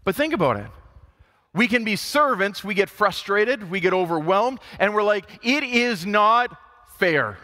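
Guy preaching in a church, high bright voice, big echoey hall sound, lively delivery. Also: normal speed. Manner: animated preaching, acts out grumbling quotes. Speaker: pastor. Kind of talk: sermon. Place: church sanctuary. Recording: long hall reverb.

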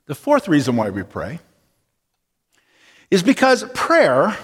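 A man preaching a sermon, telling a story casually and then slowing down and dropping low to stress his point. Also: huge pitch swings, slightly rough. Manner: storytelling, slows and drops low for emphasis. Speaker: pastor. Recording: long reverb of a large hall.

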